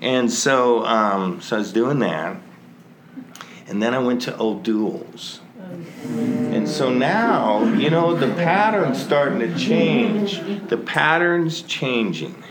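Slow-talking man telling his recovery story. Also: mid-range voice, very animated, over loud music. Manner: slow, conversational, self-mocking with laughs. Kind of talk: storytelling testimony.

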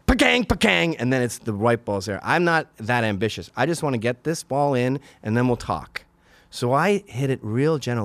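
A man in his forties hosting a podcast, delivering a crude comedic monologue with sudden loud outbursts. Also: medium pitch, no room sound. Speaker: podcast host.

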